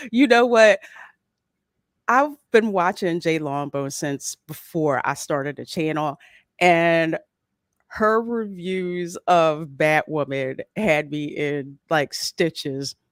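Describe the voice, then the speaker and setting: A woman's voice: lowish voice, dry recording, clean studio sound. A woman from Philadelphia hosting a livestream podcast, bubbly and laughing often as she greets the chat. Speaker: podcast host.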